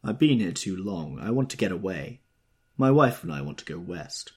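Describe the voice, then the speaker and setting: A man's voice: deep voice, sing-song, normal speed, slightly rough, exaggerated voice. A man reading an audiobook, voicing a sick, worn-out garage owner who speaks tiredly. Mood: weary. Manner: tired, quiet.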